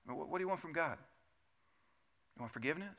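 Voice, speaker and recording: A man preaching a sermon as pastor, talking to the congregation in a conversational way, asking rhetorical questions and building to loud, emphatic peaks. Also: fairly high pitch, lively intonation, fast. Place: church sanctuary.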